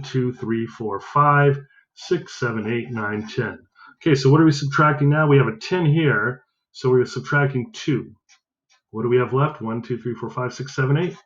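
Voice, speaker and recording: A man's voice: medium pitch, muffled recording. A male math teacher giving a recorded lesson, upbeat, counting aloud and correcting himself as he goes.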